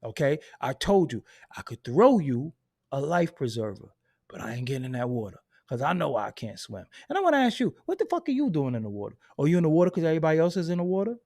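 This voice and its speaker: A man hosting a hip hop commentary channel, delivering a loud, profane, unfiltered rant and laughing at his own points. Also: fairly high pitch, sing-song, quick pace. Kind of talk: unfiltered ranting monologue.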